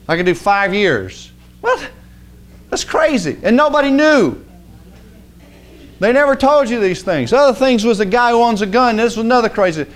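A man preaching in a folksy, conversational way, rising to emphatic outbursts. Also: sits high. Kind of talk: sermon.

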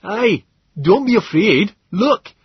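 A man's voice: high voice, big pitch swings, slow pace, slightly rough, dry recording, dull audio, pitched above the performer's own voice, full character voice. A man voicing a cheerful, rugged young male colonist with a hearty rustic way of speaking. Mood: reassuring. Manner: hearty rustic dialect speech.

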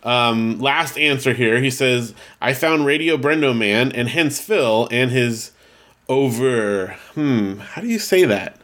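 A man's voice: mid-range voice, animated, unhurried, few pauses, a bit bright. Rambling male podcast co-host. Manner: rambling, self-correcting, reads listener mail aloud. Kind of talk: casual chat.

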